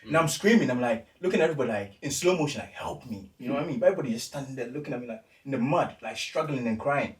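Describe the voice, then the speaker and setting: Animated man telling a story. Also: mid-range voice, very fast, hardly any pauses. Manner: animated, acts out quoted voices, street slang. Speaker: podcast co-host. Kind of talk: casual chat, storytelling. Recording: echoey room, distant mic.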